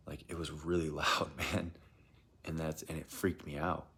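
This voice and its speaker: A man's voice: very deep voice, little pitch movement, measured pace, bright, forceful tone, slightly rough. A man telling a strange personal experience in a rambling, hesitant way, often dropping into a whisper. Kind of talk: casual first-person account.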